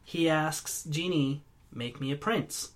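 A man in casual chat, telling stories in an animated way and laughing easily. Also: on the high side, takes it slowly.

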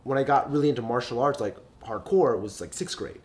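Speaking at a quick pace in a medium-pitched, darkish voice, this young man is a podcast guest swapping stories in a relaxed chat. He swears freely, uses lots of fillers and asides, and mimics his mother's voice for her quotes.

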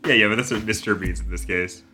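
Brief: male podcast co-host, crisp bright tone, playful ribbing, faint music underneath. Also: on the low side, fast talker. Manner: teasing, eggs on his co-host. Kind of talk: casual podcast chat.

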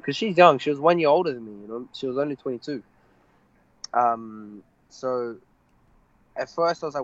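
A young man, an MMA fighter, telling a personal story in an interview, halting and full of fillers. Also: medium pitch, dry recording, highs cut off. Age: young adult. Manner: halting, many fillers and restarts.

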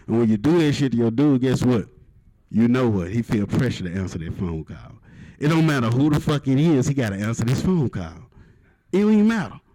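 A man, doing a profane stand-up set at an open mic and punching lines with loud outbursts. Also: mid-range voice, no room sound, rough recording. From Mississippi, USA. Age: 30s. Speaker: stand-up comedian. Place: open mic stage in a live venue.

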